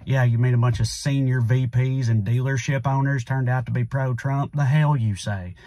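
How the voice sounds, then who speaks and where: A man's voice: mid-range voice, fairly even intonation, moderate pace, dark tone, dry recording. A man with a Southern US accent delivering a sarcastic satirical comedy monologue as a channel host, drawling with punchy asides.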